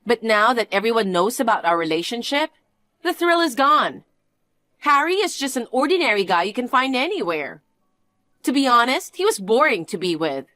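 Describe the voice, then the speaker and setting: A spoiled, husband-stealing young niece, as a woman puts her on, sneering and sing-song as she taunts. Her voice sits high and swings widely in pitch, and she often draws her words out slowly. It is recorded close and dry, with no room sound. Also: sing-song, bright, forceful tone, dry recording. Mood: flippant. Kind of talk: scripted dialogue drama.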